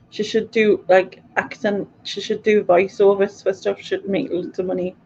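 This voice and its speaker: A woman's voice: medium pitch, a little mellow, slight background noise. A British woman hosting a casual live quiz stream, chatting with viewers and laughing often. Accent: British English. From Britain. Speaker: quiz host. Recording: dull lo-fi stream audio.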